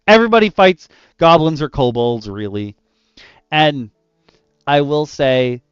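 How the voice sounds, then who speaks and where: A man chatting casually about running tabletop adventures, animated and loose, with lots of "like" in his talk. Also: mid-range voice, smooth, no room sound, highs cut off. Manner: animated and loose, heavy use of "like". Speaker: dungeon master discussing adventure design. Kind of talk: casual roundtable chat.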